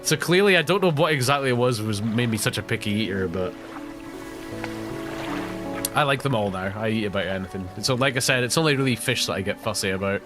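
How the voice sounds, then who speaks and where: Over music, a Scottish gaming streamer talks at a medium pitch and a slightly fast clip. He rambles through casual anecdotes during his live let's-play, laughing often.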